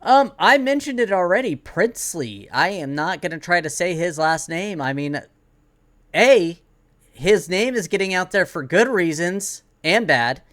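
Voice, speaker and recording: Male podcast co-host, slightly high voice, chatty, halting delivery full of "like"s. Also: lively intonation, a bit bright. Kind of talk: casual sports podcast chat.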